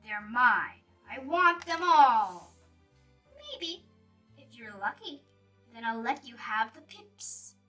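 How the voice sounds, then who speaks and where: A woman voicing a big, greedy, grumbling male bear in a read-aloud storybook, slow and booming. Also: animated, sharp tone, recorded from a distance, soft background music, full character voice.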